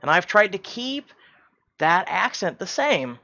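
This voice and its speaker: A man's voice: high-pitched, big pitch swings, unhurried, creaky, sharp tone. A man hosts his channel in a defensive rant, heated and insistent. He doubles back over his words as he pushes his point. The recording is dull and lo-fi, like a home setup. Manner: heated, repeats himself, stumbles. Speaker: YouTube channel host.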